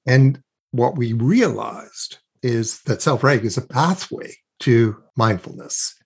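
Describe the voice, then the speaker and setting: Husky-voiced male expert guest, earnest explainer, walks through examples. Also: mid-range voice. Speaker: guest expert on child self-regulation. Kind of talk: explanatory interview talk.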